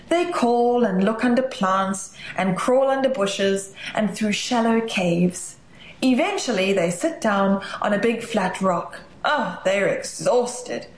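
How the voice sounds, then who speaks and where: A woman reading a children's story aloud, gentle and expressive with hushed asides. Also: medium pitch. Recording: roomy echo, faint ambience.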